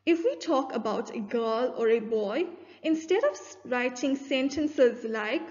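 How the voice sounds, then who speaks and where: Slow, high-voiced woman teaching young kids. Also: sing-song, darkish tone, no echo. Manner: slow, clear teacherly delivery, stressing key words. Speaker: primary school teacher. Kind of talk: online grade one English lesson. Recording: dull lo-fi dry recording.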